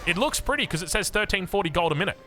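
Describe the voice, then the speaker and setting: An excitable Australian man commentates a strategy game match, his fairly high voice leaping up and down as he jokes and wanders off on tangents. Music plays clearly underneath his voice. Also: rapid-fire. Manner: excitable, chatty, jokes and digresses. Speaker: game caster.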